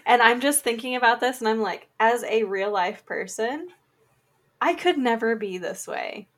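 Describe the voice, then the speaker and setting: A woman's voice: on the high side, normal speed, a bit bright. A woman co-hosting a casual anime discussion podcast, giggly and laughing through her stories. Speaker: podcast co-host.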